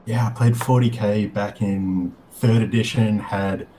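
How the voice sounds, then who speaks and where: Low-voiced Australian man, hesitant. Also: unhurried, slight background noise, poor audio. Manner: hesitant, many ums, relaxed. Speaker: guest. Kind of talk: casual live-stream chat.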